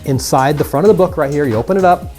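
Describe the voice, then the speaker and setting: A man's voice: fairly high pitch, fast, a little mellow, faint music behind. A man teaching mind reading magic tricks in a casual, upbeat tutorial, chatting straight to the viewers.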